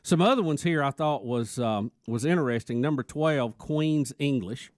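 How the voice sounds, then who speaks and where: A man, co-hosting a radio talk show, who reads out a list of items slowly in casual chat. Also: medium pitch, darkish tone, no room sound, studio quality.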